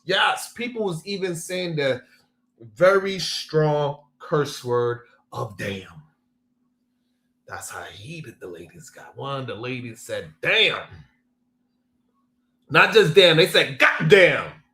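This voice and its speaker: A man's voice: on the high side, sing-song, slow pace, sharp tone, echoey room. A man hosting a live stream, chatting casually, greeting viewers by name and laughing often.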